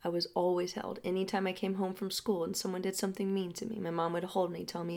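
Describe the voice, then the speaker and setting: A young adult woman speaking slowly and softly as a healing guide, often sinking into a breathy half-whisper. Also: fairly low pitch, flat delivery. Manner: slow, soft and drawn out, often dropping into a breathy half-whisper. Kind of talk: reflective spoken storytelling.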